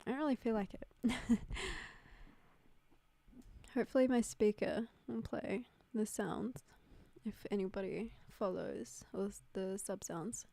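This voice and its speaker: Streaming casually from her home room, this young woman talks into a desk microphone with no headphones. She has a mellow mid-range voice with vocal fry and a measured pace, recorded without echo. Giggly and talkative, she fills her speech with "like."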